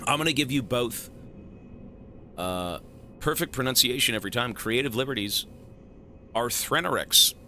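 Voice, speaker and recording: A man live-streaming a game who thanks his viewers with loud, swearing, joking banter. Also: medium pitch, slight background noise. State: has a headache.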